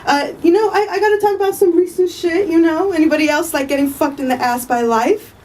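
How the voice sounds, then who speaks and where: A woman's voice: very high voice, a little fast, darkish tone, far from the mic, poor audio. A woman doing a stand-up comedy set at a live show, brash and profane, often laughing at her own jokes. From Armenian family.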